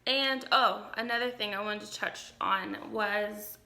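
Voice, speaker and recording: Tired young woman rambling through a candid update, slow, bright voice, echoey room. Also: mid-range voice, gravelly. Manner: candid, rambling, many ums and restarts. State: tired, getting emotional. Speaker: vlogger. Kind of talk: casual personal update.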